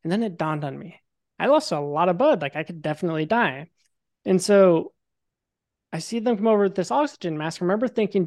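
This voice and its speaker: Animated young man telling a story. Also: sits high, brisk. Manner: animated, swears freely, acts out quotes. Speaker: podcast guest. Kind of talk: casual storytelling interview.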